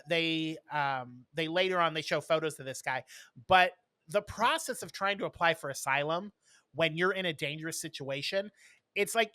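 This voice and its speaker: A man's voice: on the high side, bright, forceful tone, no room sound. A man co-hosting a podcast, casually retelling a TV episode in a rambling way with many fillers. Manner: rambling, lots of ums and uhs. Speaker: podcast co-host. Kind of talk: casual chat, recapping an episode.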